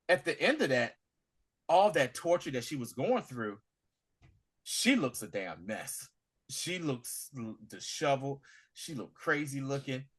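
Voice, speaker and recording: A man co-hosting a podcast, retelling a TV episode in a casual, animated way and acting out the characters' lines. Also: medium pitch, unhurried, husky. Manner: animated storytelling, acting out scenes in voices. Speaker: podcast co-host. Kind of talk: casual TV recap chat.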